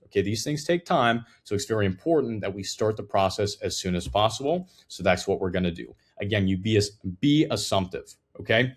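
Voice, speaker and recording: A man's voice: on the low side, animated, brisk, few pauses. A man teaching a sales call process, emphatic and direct, checking in with "okay?" and acting out sample lines for a client. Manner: acts out sample client dialogue in quotes. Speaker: sales trainer. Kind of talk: instructional talk to camera.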